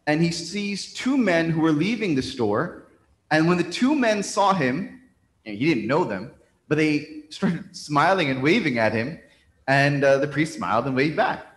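A man's voice: on the high side, animated, unhurried. A man, a priest, telling a story as a sermon in a church sanctuary, talking conversationally with frequent restarts. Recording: roomy church reverb.

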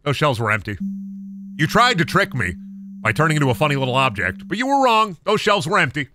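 A man streaming a horror game, talking to himself with profane jokes and sudden shouts. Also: sing-song, brisk. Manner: profane, jokey, talks to himself while playing; sudden high-pitched shouts and sing-song bits. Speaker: gaming streamer. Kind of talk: live-stream gameplay commentary.

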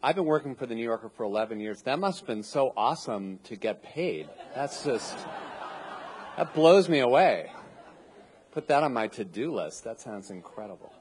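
A man hosts a live storytelling show, introducing each speaker with deadpan wisecracks. His voice sits mid-range, with a faint hiss of background noise on the stage mic. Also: mid-range voice, moderate pace, some chatter behind. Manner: dry, joking. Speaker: host. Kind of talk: comic emcee introductions.

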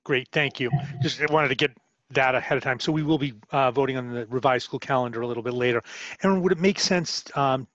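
A man chairing a school committee meeting over a video call, brisk and polite. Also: medium pitch, fairly bright tone, no room sound. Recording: dry, lo-fi call audio.

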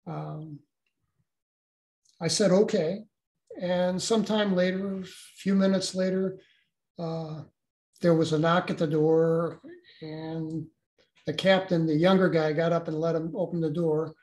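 An older man, a guest, recounting a personal experience in a halting way with many restarts. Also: fairly high pitch, little pitch movement, darkish tone, echoey room.

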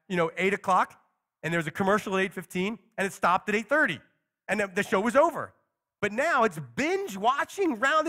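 Middle-aged man, pastor, relaxed sermon delivery with acted quotes, voice on the higher side. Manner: conversational preaching with acted-out quotes and humor.

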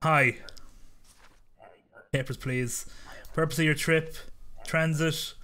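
A man commentating his own gameplay, animated and jokey, swearing in mock outbursts. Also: on the high side, slow pace, a little hiss or hum. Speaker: let's play host.

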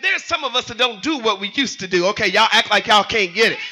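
A male pastor preaching fervently to his congregation, calling for responses and building to shouts with sing-song phrasing. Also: sits high, lively intonation, fast. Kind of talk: preaching a sermon with call and response. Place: church sanctuary.

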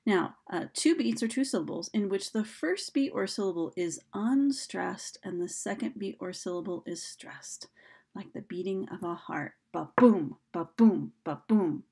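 A woman's voice: mid-range voice, animated, moderate pace, darkish tone, husky. A woman teacher giving a recorded slideshow lesson, chatty and full of ums and uhs. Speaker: high school English teacher.

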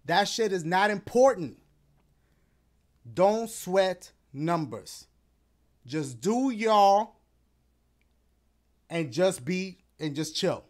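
A man's voice: sits high, big pitch swings, slow, long pauses. A man in casual chat, talking to his viewers and his dog in a laid-back, rambling way with playful slang, a little out of breath. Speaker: gaming YouTuber.

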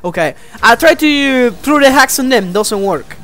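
A man giving let's play commentary, animated and easily exasperated, often addressing viewers as guys. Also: extremely high pitch, a little slow, soft background music. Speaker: gameplay commentator.

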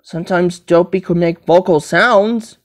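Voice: medium pitch, unhurried. A person rambling to themselves on a home video, repeating and listing things over and over. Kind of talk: rambling self-talk monologue.

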